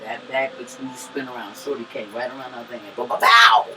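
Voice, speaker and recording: A woman co-hosting a podcast, telling a profane, animated story that swings between loud and hushed. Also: very deep voice, fast talker. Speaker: podcast co-host. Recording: distant mic with music behind.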